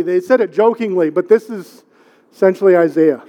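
A middle-aged man preaches in a casual, conversational way, leaning on repetition and questions to the congregation. His voice sits high for a man. The sound carries a long hall echo from the church. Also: moderate pace, lo-fi sound. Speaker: pastor. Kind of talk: sermon. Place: church sanctuary.

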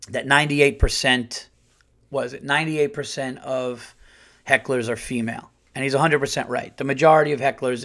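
A middle-aged male comedian hosting a podcast, telling an exasperated story in a casual, animated way and acting out the quotes. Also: medium pitch. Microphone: podcast studio mic.

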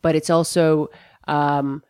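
A woman co-hosting a podcast, telling a story in an animated casual chat that is full of swearing. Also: low voice, slow, smooth, no echo. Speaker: podcast co-host.

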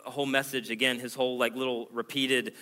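A pastor delivering a sermon, preaching in an earnest, emphatic way that swells louder and higher as he presses his points. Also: level tone, a little fast.

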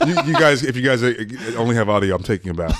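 A man's voice: medium pitch, expressive, rapid-fire, crowd noise. A man in casual podcast conversation, reflective, often laughing and repeating words as he gathers his thoughts. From United States. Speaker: podcast guest.

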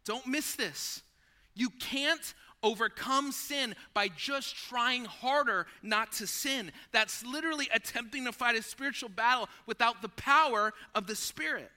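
A male pastor preaching a sermon in a conversational, animated way, talking to listeners as friends and acting out scenes from a story. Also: extremely high pitch, measured pace.

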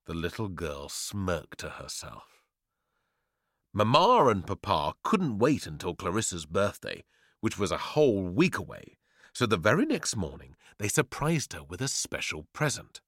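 A man's voice: sits low, very animated, unhurried, a bit bright, no echo, studio quality. A man reading a children's story aloud with playful, theatrical delivery. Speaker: narrator.

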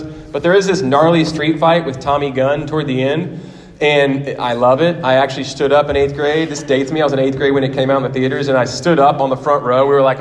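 A man in his forties preaching a sermon in a church, telling stories in a lively way and acting out quotes. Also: mid-range voice. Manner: animated storytelling with acted quotes. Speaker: pastor. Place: church sanctuary. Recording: long hall reverb.

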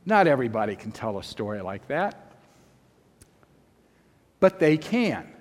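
A man preaching, telling a story in a measured, unhurried way with long pauses between phrases. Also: mid-range voice, very animated. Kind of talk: sermon storytelling. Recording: long reverb of a large hall.

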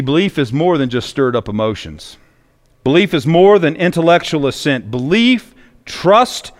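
A male pastor preaching a sermon in a church, telling stories with emphatic repetition. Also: fairly high pitch. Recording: long echoey reverb.

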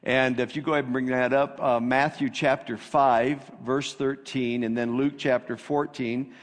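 A man's voice: medium pitch, fairly even intonation, moderate pace. A man preaching a sermon as pastor, reading scripture with rising emphasis. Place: church sanctuary. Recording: long reverb of a church hall.

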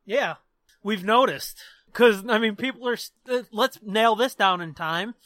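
A young adult man co-hosting a podcast in casual chat, loud, profane and joking. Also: sits high, measured pace, no room sound. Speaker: podcast co-host.

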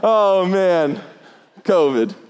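A pastor preaching a sermon in a church, telling jokes and stories in a playful, animated way. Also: male voice, high voice, drawn-out words, clean tone. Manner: joking, animated storytelling with put-on voices. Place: church auditorium. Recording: long hall reverb.

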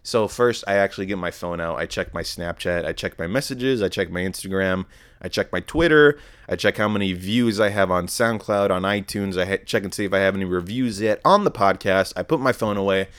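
A man's voice: sits low, a little fast, fairly bright tone, clean tone. A young man from telling a rambling, profane story about a night out on his podcast. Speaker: podcast host. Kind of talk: casual storytelling monologue.

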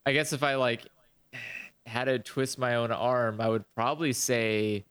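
A man's voice: mid-range voice, steady tone, a little slow, a bit bright, smooth. A man in casual chat about video games, ranting animatedly and swearing a lot.

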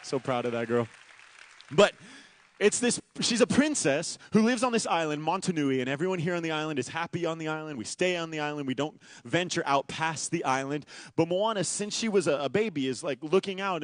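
Dry, animated man preaching. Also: fairly high pitch, a little fast, no room sound. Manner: conversational, animated, self-deprecating asides. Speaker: pastor. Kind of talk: sermon.

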